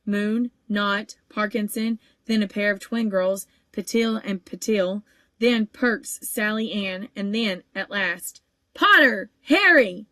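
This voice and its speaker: A woman narrating an audiobook in a steady, even storytelling voice, with the odd small stumble. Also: mid-range voice, slow pace, no echo. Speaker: audiobook reader.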